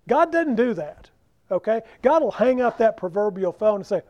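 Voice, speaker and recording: Preacher guy, emphatic, drags out key words, high pitched, muffled lo-fi sound. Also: animated, moderate pace, darkish tone. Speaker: pastor. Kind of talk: sermon. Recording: dull lo-fi recording.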